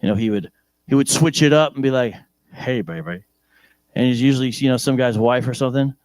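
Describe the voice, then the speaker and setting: A male preacher with an American accent giving a lively sermon in church, joking and asking the congregation questions. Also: mid-range voice, quick pace, clear, resonant tone, no room sound.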